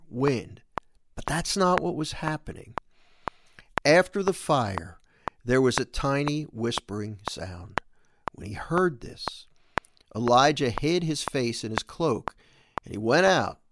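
A male host giving an earnest, animated Catholic talk on scripture, voicing the quoted lines with extra lift. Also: medium pitch, creaky, background noise.

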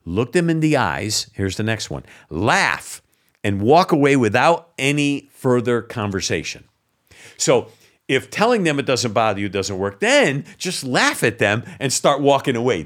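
A man's voice: medium pitch, sing-song, measured pace, fairly bright tone. A man hosting an opinion commentary show, sarcastic and exasperated, mocking what he reads out with scoffing laughs. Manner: indignant, exasperated. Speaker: political commentary host.

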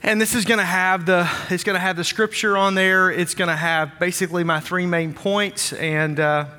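A pastor from Wisconsin leads a church service with a bright, forceful voice that sits a bit high for a man. He jokes and banters with the congregation before moving into his sermon. The sound carries a long reverb from a large church auditorium. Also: fairly even intonation, moderate pace. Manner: upbeat, joking with the congregation. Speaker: senior pastor.

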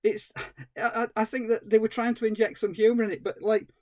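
A man co-hosting a podcast, giving an animated, exasperated film review with dry humour. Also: high voice, brisk, no echo. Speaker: podcast co-host. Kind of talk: casual film review chat.

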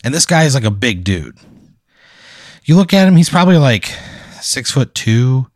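A man's voice: medium pitch, big pitch swings, moderate pace, dry recording, clean studio sound. A man hosting and narrating an improvised second-person story, talking casually and ramblingly with lots of fillers. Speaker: host narrating a hypothetical.

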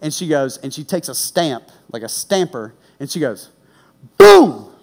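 A man preaching a sermon, telling a personal story with lively, animated delivery that drops low and quiet for serious points. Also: normal speed. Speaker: pastor.

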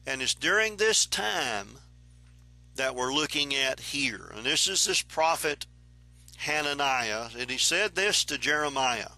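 A man teaching the Bible verse by verse in an unhurried, explanatory way, reading passages aloud and then commenting on them. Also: mid-range voice, lively intonation, sharp tone, no echo.

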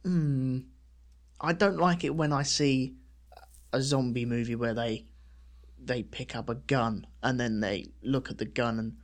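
A man's voice: mid-range voice, steady tone, a little slow. Regular guy cohosting, mid voice, chatty and jokey. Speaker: podcast co-host. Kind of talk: casual chat.

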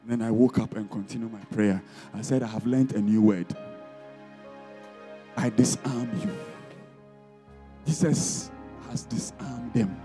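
A man's voice: on the low side, steady tone, normal speed, faint music behind. A man preaching as an apostle, leading fiery deliverance prayer with commanding, repeated decrees. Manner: commanding, repetitive decrees, rising to shouts.

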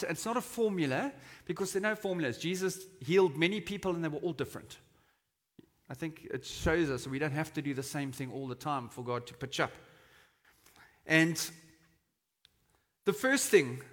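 Bright-voiced male pastor in a reverberant hall. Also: high voice. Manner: conversational, dramatizes quotes with shouting. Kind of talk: sermon. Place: church hall. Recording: long reverb of a church hall.

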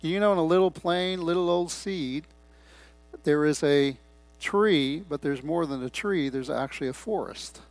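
A man's voice: fairly high pitch, a little slow, dry recording. A man preaching a sermon, reading scripture and stressing key words while asking the congregation questions.

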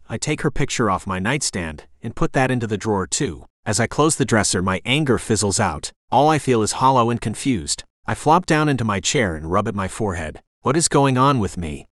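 Low-voiced guy narrating a first person audiobook, broody inner monologue, dry close sound. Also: fairly bright tone, dry recording.

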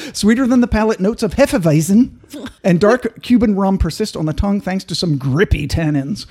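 Man, high pitch, husky, mellow tone, casual tasting chat, reads notes aloud. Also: lively intonation, normal speed. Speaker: podcast host.

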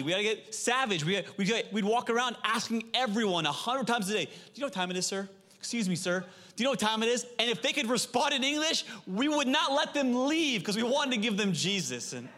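A high-voiced man in his thirties preaches to his church, telling stories with animated energy and asking the crowd to answer him. His voice rings out with a long echo through a big hall. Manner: animated storytelling, calls for audience response. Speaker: pastor. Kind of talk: sermon.

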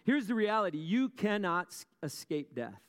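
A pastor preaching in a spacious church hall has a somewhat high, slightly bright voice with big pitch swings, and it rings with a long echo. He narrates with dramatic pauses, poses rhetorical questions, and tosses wry asides to his listeners.

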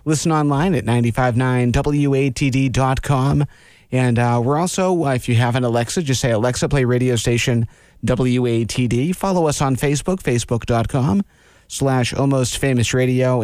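A man's voice: mid-range voice, normal speed, a little mellow, no room sound, studio quality. A man hosting a local radio show. He interviews his guests in an easygoing way and reads the station plugs. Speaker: radio host. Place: small radio studio.

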